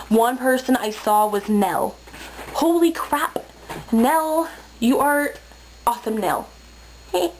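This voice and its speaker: A young woman with a slightly high voice chats her way through contest feedback, stringing thoughts together with endless "like"s. Now and then she slips into a whisper. A faint hiss of noise sits under the recording. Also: vocal fry, low-quality recording. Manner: chatty and gushing, many "like" fillers, drops into whispers. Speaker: video contest host. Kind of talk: casual chat.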